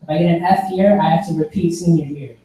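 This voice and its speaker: A man's voice: on the high side, fairly even intonation, quick pace, warm tone, close to an everyday voice. A man voicing a despairing teenage student. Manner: pleading, despairing. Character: distraught teenage student, self-blaming. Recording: echoey hall, distant mic.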